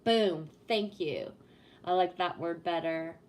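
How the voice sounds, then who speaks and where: A woman chatting casually on a live stream, reading viewer comments and ranting with plenty of swearing. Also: slow pace. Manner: swears a lot, rants with rising pitch; talks to chat, reads comments aloud.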